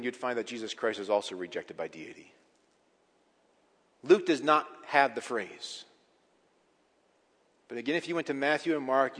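A man preaching a sermon as a pastor, emphatic, with big swings in pitch and loudness. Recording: reverberant hall.

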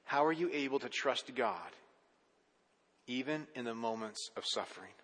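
A man's voice: mid-range voice, lively intonation, moderate pace, fairly bright tone, slightly rough, big-room sound. A man preaching a sermon as a pastor, talking conversationally with rhetorical questions and restarting words when he gets going.

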